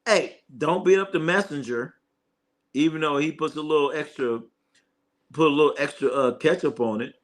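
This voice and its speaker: Animated Bay Area man streaming sports talk. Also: on the high side, normal speed. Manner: animated, joking, reads chat comments aloud. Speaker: sports show host.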